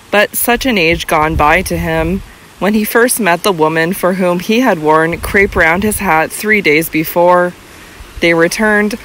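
A narrator reads a classic novel aloud at a measured pace, with an even storytelling voice in the middle range. The reading is steady and unhurried. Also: mid-range voice, a little hiss or hum. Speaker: audiobook narrator. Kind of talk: scripted narration.

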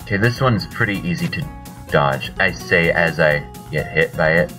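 A deep-voiced man gives casual play-by-play of a video game. He is chatty and self-mocking, and his voice jumps about lively. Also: normal speed, music in the background, poor audio. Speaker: let's play host. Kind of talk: casual gameplay commentary.

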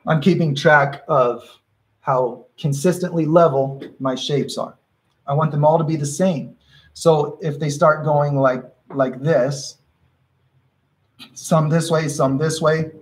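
A man's voice: fairly high pitch, rough recording. A man teaching a live painting workshop, explaining his brushwork in a casual, encouraging way and often restarting his sentences as he thinks aloud. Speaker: painting instructor.

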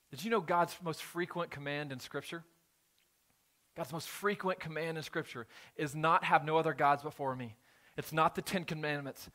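Male pastor, slightly high voice, sermon delivery in a church, hushed scripture reading rising to emphatic appeals. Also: normal speed. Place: church sanctuary.

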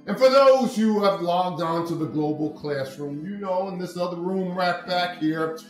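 A man hosting an online class, telling a moral tale in a deliberate, emphatic way from his study. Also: high-pitched, echoey room, soft background music, poor audio. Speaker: host and educator. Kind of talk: storytelling talk. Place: home study.

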